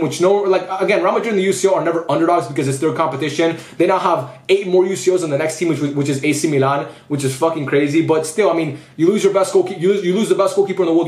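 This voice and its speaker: A man's voice: fairly high pitch, darkish tone, roomy sound. A man ranting casually after a football match, frustrated and swearing, rambling with lots of restarts. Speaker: football vlogger. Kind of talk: post-match rant.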